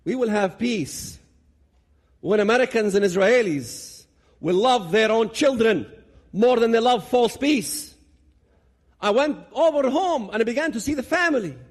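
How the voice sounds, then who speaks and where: A man gives a dramatic public talk. His voice sits high for a man and swings widely as he pushes each point hard. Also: expressive, moderate pace. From Palestinian territories. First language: Arabic. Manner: dramatic, emphatic, builds to loud peaks. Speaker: public speaker.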